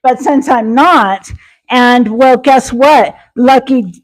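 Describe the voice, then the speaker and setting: Slow-talking chatty woman cooking live. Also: a little high, poor audio. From Wyoming. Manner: chatty, reads and answers viewer comments aloud; folksy sayings, many fillers. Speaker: cooking livestream host. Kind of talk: casual live-stream chat while cooking.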